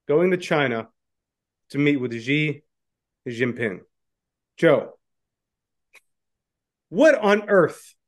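Man reading news with drawn-out pauses. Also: fairly high pitch. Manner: drawling, many "uh" pauses. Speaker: podcast co-host. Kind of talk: casual political chat, reading news aloud.

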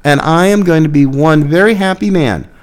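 A man's voice: on the high side, normal speed. A man hosting a podcast, delivering an emphatic, sarcastic opinion monologue. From Florida. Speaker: podcast host.

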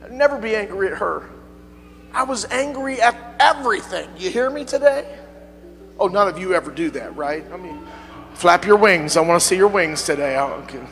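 Male pastor, high voice, fervent call-and-response preaching; church hall reverb, faint hum. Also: animated, moderate pace, fairly bright tone, faint music behind. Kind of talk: sermon. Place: church sanctuary.

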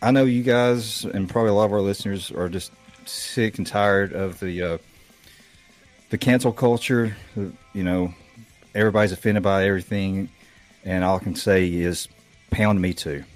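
A man's voice: lowish voice, fairly even intonation, normal speed, faint music behind. A man from the Southeastern US co-hosting a podcast, joking sarcastically in casual chat. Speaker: podcast co-host.

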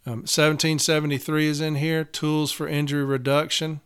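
A man's voice: on the high side, flat delivery, normal speed, a bit bright, smooth. Blunt fired-up man. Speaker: union steward podcaster. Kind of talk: casual podcast monologue.

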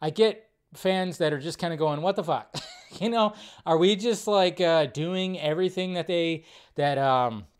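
Male podcast host, slightly high-pitched, casual, excitable, swears freely, lots of ums and restarts. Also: unhurried, clean tone. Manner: excitable and profane, many fillers and restarts. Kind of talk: casual live-stream chat.

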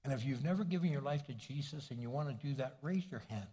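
An older man, a pastor, preaching a folksy, conversational sermon with homely stories, his husky voice carrying through a church sanctuary. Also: mid-range voice, animated, fast, warm tone. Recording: long reverb of a large hall.

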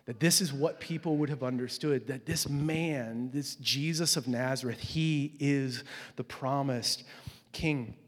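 A man's voice: medium pitch, measured pace. A male pastor giving a conversational sermon, swelling to emphatic peaks as he drives his points home. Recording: long hall reverb.

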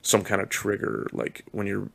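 Crude podcast guy w a gravelly lowish voice, just chatting. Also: moderate pace, a bit bright. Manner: gravelly, blunt and profane, gasps and laughs easily. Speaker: podcast co-host. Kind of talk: crude casual banter. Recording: scratchy low-quality audio.

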